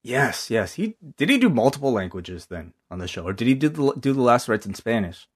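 A man co-hosting a casual podcast, reacting with animated comments and frequent restarts. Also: medium pitch, brisk, slightly rough. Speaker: podcast co-host. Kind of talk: casual chat.

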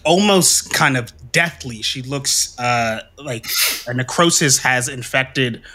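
Bright-voiced man running a tabletop game. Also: medium pitch, slow. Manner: relaxed storytelling with frequent fillers and laughs. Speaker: game master.

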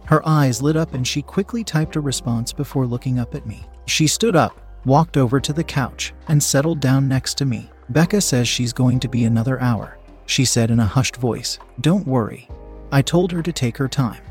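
A man steadily reading a first-person erotic story aloud in an even narration style. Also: mid-range voice, normal speed, hardly any pauses, soft background music.

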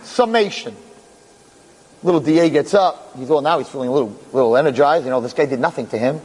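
A man telling a story with lively energy, acting out each character as he goes. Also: medium pitch, racing, slightly rough, low-quality recording. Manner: lively, acts out every character. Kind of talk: animated storytelling.

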